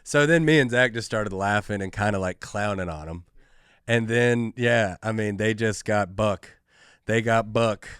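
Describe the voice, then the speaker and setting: A young adult man, a comedian hosting his own podcast, telling a story in a casual, animated way with lots of filler words. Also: lowish voice, clean tone, dry recording, studio quality. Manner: animated, fast, full of "like" and "dude".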